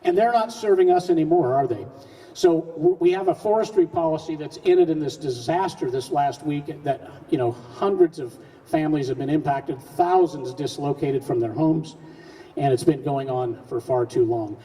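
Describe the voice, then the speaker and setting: A man with a fairly high, mellow voice gives a folksy, earnest speech to a live audience, posing rhetorical questions and restarting his sentences. He sounds distant from the microphone, and a long reverb trails his words through a large hall. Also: normal speed. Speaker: speaker at a public event.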